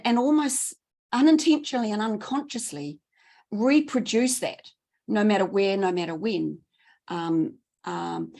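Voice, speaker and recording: A middle-aged woman giving a training talk, enthusiastic and quick, repeating words for emphasis. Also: mid-range voice, gravelly, darkish tone. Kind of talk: presentation talk.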